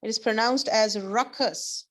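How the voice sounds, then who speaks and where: A woman teacher leads an online class over a video call. Her voice sits a little high, and she explains slowly and kindly, giving example after example.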